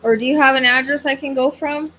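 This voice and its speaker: A woman's voice: high voice, steady tone, quick pace, sharp tone, rough recording. A woman hosting a live psychic reading, thinking aloud in a hesitant, searching way and sounding tired. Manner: hesitant, searching, trailing off into self-corrections. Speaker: psychic medium host.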